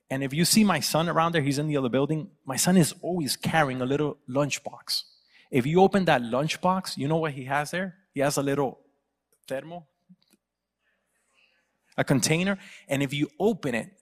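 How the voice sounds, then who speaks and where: A man's voice: medium pitch, long reverb tail. A man preaching a sermon as a pastor, telling a story and acting out the people in it. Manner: storytelling, acting out quoted voices. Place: church.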